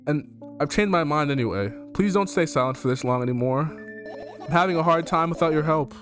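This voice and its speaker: Fairly high, bright, and lively in intonation, this man talks fairly quickly while streaming a horror game over soft background music. He reads the game's dialogue aloud in let's play fashion, laughing and swearing a lot.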